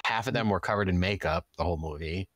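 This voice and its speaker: Deep-voiced laid-back podcast man. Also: fast talker, fairly bright tone, no room sound, studio quality. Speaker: podcast co-host. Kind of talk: casual movie review chat.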